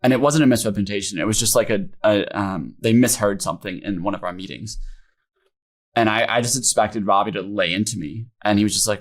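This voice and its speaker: A man's voice: lowish voice, a little fast. A young man, a company founder, telling his story candidly in a podcast interview, filling his talk with "like" and "um". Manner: informal, many fillers like "like" and "um", emotional retelling. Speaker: founder guest.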